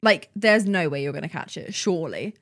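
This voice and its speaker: Lively playful woman. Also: fairly low pitch, a little fast, dry recording. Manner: playful, laughing, self-mocking. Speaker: podcast guest, streamer and YouTuber. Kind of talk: casual chat.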